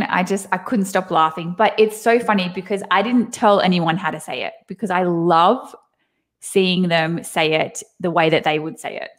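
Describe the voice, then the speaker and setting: A woman in her thirties with an Australian accent, a guest chatting casually from home over a video call and laughing often. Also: mid-range voice. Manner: laughs often, animated storytelling. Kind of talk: casual chat.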